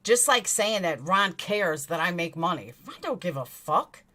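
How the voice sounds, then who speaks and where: Woman, New York accent, livestream host, blunt and indignant, lively pitch, bright tone. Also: unhurried. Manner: indignant, blunt, swears freely. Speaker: true crime commentary host. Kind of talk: livestream commentary, reading chat.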